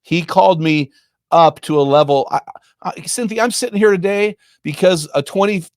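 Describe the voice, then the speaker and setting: A man's voice: high-pitched, moderate pace, no room sound, clean studio sound. A man in his fifties, a Christian ministry founder, talking emphatically in a preacher-like way. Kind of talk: impassioned Christian talk.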